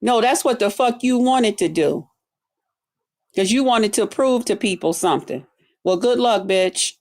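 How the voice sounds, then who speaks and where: A woman's voice: medium pitch, measured pace, darkish tone. A woman ranting angrily at her viewers on a livestream, cursing and confrontational, stretching out words for emphasis. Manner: angry, profane, confrontational. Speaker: streamer addressing her viewers. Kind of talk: heated livestream rant.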